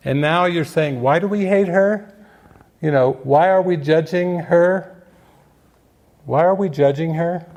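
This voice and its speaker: A man's voice: on the high side, darkish tone. A man giving casual spiritual commentary on a film, musing and playful, often laughing and quoting other voices as he talks.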